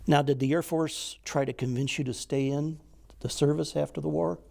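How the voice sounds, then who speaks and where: A man interviewing a veteran, gently prompting him with questions. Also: on the high side, fairly even intonation, normal speed, gravelly. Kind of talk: oral history interview.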